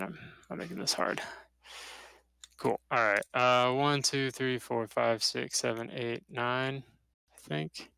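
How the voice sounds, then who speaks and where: Gravelly guy with a bright clear voice, counting dice out loud over a tabletop game. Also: mid-range voice. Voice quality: counts dice and works out rules aloud. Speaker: tabletop wargame player. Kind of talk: casual game talk, thinking aloud.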